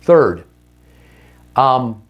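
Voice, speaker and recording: An earnest man leads a marriage seminar in front of a live audience. His delivery is coaching and direct, and his voice sits at a middle pitch. When he acts out an apology, it goes soft and low. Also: big pitch swings, drawn-out words, lo-fi sound, soft background music. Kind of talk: teaching talk to a live audience.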